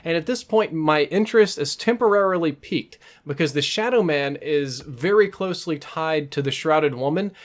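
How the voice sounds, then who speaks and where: A man vlogging, telling a story in a casual, amused and animated way. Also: a little high, normal speed, hardly any pauses. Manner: animated, amused, self-mocking.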